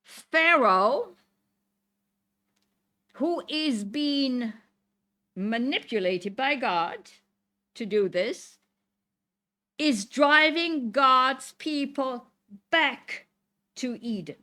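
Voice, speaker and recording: A woman's voice: sits high, lively intonation, extremely slow, pauses often, bright, forceful tone. A woman teaching a Torah lesson to a congregation. She reads verses aloud, explains Hebrew words and keeps checking in with "Okay?". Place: synagogue classroom.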